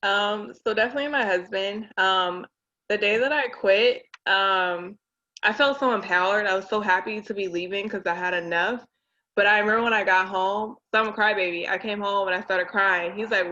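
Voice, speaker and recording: Woman guest, 30s, animated storyteller; bright tone, slightly muffled recording. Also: medium pitch, normal speed. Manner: animated storyteller acting out quotes. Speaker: guest, realtor and business owner. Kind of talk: casual conversation.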